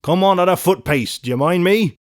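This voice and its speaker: Brief: gruff, wary coach guard, loud and raised, read by a man, dry sound. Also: high voice, lively intonation, normal speed, no room sound, pitched above the performer's own voice. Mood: menacing.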